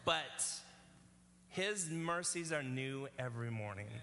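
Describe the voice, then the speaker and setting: A man's voice: mid-range voice, animated, slow pace, pushed and bright, long reverb tail. A male pastor preaching a sermon in an earnest, conversational way, often checking in with the congregation.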